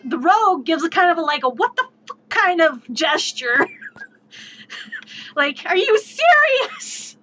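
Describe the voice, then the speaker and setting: A woman streamer telling a tabletop game story in an animated, exasperated way, swearing freely, on dull lo-fi stream audio. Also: very high voice, normal speed, slight background noise.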